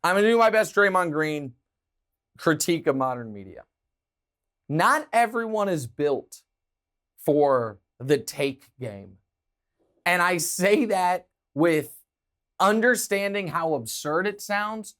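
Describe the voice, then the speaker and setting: A man hosting a sports talk show, delivering opinionated commentary in an emphatic, animated way. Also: fairly high pitch. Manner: emphatic, animated, talks with his hands.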